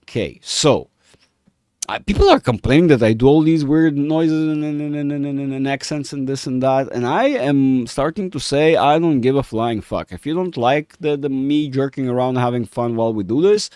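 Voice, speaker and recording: A man's voice: mid-range voice, normal speed, darkish tone, clear, resonant tone, no echo, studio quality. A man hosting a casual chart analysis, rambling and profane, humming while he thinks. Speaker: market analyst host.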